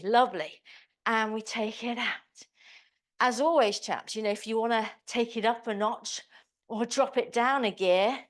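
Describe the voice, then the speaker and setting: A woman teaching a live online pilates class, cueing moves with chirpy encouragement and chatty asides. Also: on the high side. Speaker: pilates instructor.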